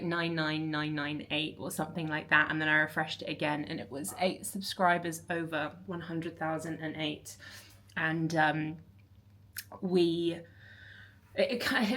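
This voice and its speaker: A woman in her thirties, vlogging casually from her flat, candid and rambling with lots of fillers. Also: low voice. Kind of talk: casual chatty vlog.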